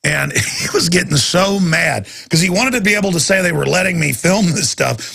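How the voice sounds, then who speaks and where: Brief: gravelly male talk radio host, forceful, intense and ranting, on a studio mic. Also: sits high, animated, moderate pace. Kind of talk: impassioned talk radio monologue.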